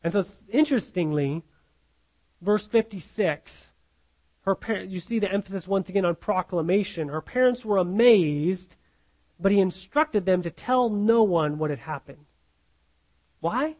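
A man's voice: sits high, lively intonation, measured pace, darkish tone, poor audio. A man preaching a sermon and explaining a Bible passage. He teaches earnestly, repeats key phrases for emphasis and often asks "right?".

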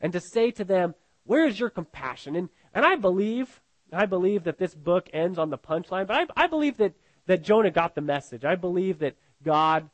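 A man's voice: sits high, expressive, normal speed, no room sound. A man preaching an expository sermon, emphatic, often repeating phrases and checking in with "right?".

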